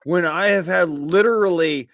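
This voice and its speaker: A man chatting casually on a livestream, telling profane, animated stories. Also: high-pitched, normal speed. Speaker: co-host. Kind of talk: casual chat.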